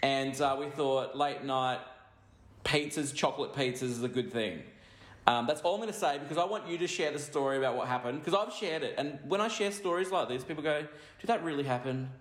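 An Australian man preaching a sermon in an animated, joking way, quizzing his congregation. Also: mid-range voice, brisk, dry recording. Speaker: pastor.

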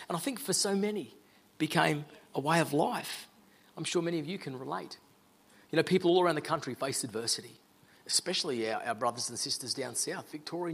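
A man's voice: fairly high pitch, a bit bright, slightly rough. A middle-aged Australian man giving an earnest, conversational sermon-style talk as a guest speaker. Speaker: guest speaker, law firm owner.

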